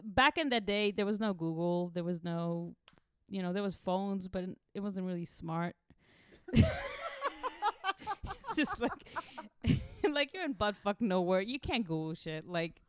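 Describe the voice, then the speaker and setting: A woman's voice: on the low side, clean tone, no room sound, clean studio sound. A young woman from Israel, a podcast co-host, telling a wild travel story casually, swearing freely and laughing through it.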